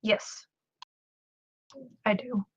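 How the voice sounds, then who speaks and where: A woman playing a tabletop game, brisk and decisive. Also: darkish tone. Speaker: player. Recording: dull lo-fi mic.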